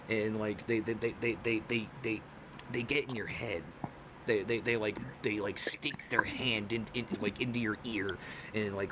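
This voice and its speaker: A young man with a lowish voice answers at a debate, wandering through his points and leaning on filler words at every turn. Steady background noise and passing vehicles sit under him. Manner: rambling, heavy on filler words. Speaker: debate candidate.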